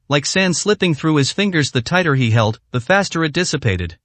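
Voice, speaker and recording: A male narrator reading a serialized fantasy story in a steady, even storytelling manner. His voice is a bit high for a man. The sound is dry and close, with no room echo. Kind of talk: scripted narration.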